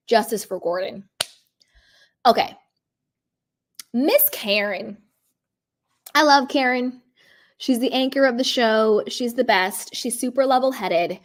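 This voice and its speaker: A woman giving casual, emphatic commentary on a reality show, full of "like" and "you know". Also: mid-range voice.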